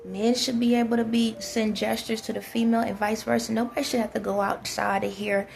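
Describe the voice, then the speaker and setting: Woman vlogger, gravelly and a little rough, talks blunt relationship advice straight to camera, faint hiss behind. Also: a little high, level tone, a little fast, hardly any pauses, darkish tone. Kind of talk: casual spoken advice to viewers.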